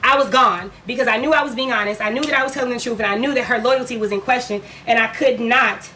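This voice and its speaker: A woman's voice: a little high, fast talker, bright, forceful tone, slight background noise. A young adult woman from Detroit tells a heated story on a livestream, blunt and full of profanity, acting out her own side of arguments. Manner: blunt, profane, dramatic retelling.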